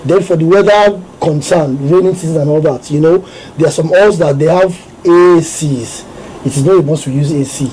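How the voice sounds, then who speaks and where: A man's voice: on the high side, moderate pace, dark tone, a little hiss or hum, poor audio. A Nigerian man, a security professional, speaking earnestly as a radio guest and repeating his key points. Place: radio studio.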